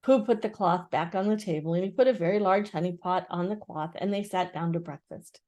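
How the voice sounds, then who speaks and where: An older woman gently and expressively reading a children's book aloud. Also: on the low side, a little fast. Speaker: storyteller.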